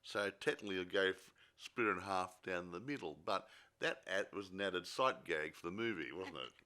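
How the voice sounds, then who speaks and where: A man's voice: low-pitched, moderate pace, pushed and bright. A man co-hosting a film review podcast, chatting casually with jokey asides and many restarts. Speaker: podcast co-host.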